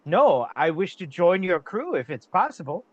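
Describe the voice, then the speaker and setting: A man voicing a small, sly male rogue who flatters with overly formal, stumbling speech. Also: high-pitched, normal speed, lo-fi sound. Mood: eager pitching. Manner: fumbling, overly formal speech full of restarts.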